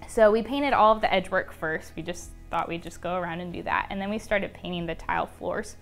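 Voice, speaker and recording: A woman's voice: fairly low pitch, brisk, faint music behind. A young woman being interviewed, telling a personal story in a casual, chatty way, full of "um" and "like". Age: young adult. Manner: chatty, many fillers like "um" and "like". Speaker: interview guest.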